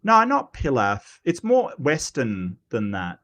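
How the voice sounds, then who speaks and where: A man hosting a casual livestream, animated and self-mocking, often stumbling over his words. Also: medium pitch, slow. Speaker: host.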